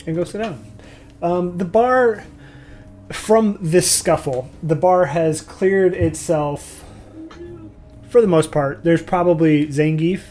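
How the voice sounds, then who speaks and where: A man's voice: a little high, darkish tone. Man narrating as game master. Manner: loose, rambling narration with restarts.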